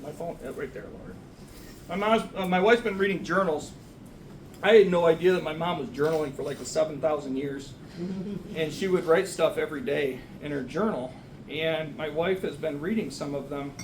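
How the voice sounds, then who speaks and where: A man's voice: on the high side, moderate pace, echoey room, far from the mic, background noise. A man, the son of the deceased, speaking at a memorial service in a church, rambling and self-deprecating. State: getting emotional. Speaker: son giving a eulogy. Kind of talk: memorial speech. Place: church sanctuary.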